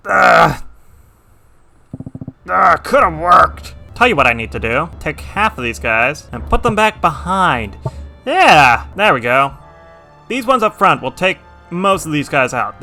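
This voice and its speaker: Reserved man with a lively voice. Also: fairly high pitch, measured pace, soft background music. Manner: dry, self-described reserved, bursts into excited yelling at battles; talks to his game units by name. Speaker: gameplay commentator. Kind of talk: casual gameplay commentary.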